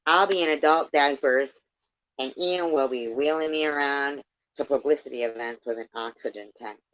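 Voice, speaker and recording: A woman's voice: very deep voice, moderate pace, no room sound. A woman reading aloud as a jaded, boozy older woman author who sneers through weary complaints. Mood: scornful. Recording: dull lo-fi dry sound.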